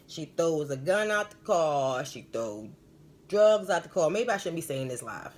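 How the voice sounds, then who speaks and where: Animated, rambling woman medium. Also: lowish voice, slow. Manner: animated, rambling, emphatic, slangy. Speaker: spiritual medium hosting a live stream. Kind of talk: live-stream storytelling and advice.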